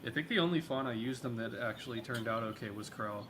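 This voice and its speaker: A man in casual chat, relaxed and halting, chuckling now and then. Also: medium pitch, a crowd in the background.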